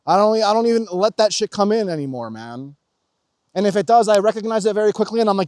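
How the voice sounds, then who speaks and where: A man with a slightly higher voice talks straight to his viewers in a casual, fired-up monologue, swearing freely. He swings from loud urging down to quiet murmurs. The sound is dry and close. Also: animated, quick pace, no room sound. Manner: intense, swearing, swings between loud exhortation and low murmurs. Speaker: spiritual vlogger.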